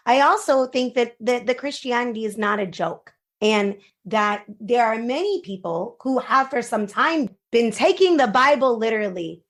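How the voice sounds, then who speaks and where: A woman guest speaking earnestly and deliberately in a discussion. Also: on the high side, a bit bright. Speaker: podcast guest.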